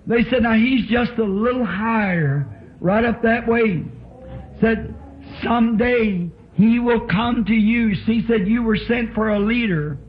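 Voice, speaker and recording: A man's voice: very high-pitched, unhurried, slight background noise. A man preaching a sermon in a church, telling his story with fervent emotion. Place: church tabernacle. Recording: dull lo-fi old tape recording.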